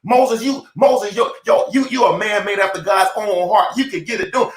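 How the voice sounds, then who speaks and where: A man's voice: high-pitched, moderate pace, hardly any pauses. A man giving a preaching-style motivational talk, fervent and emphatic, repeating phrases. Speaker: motivational speaker. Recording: echoey room.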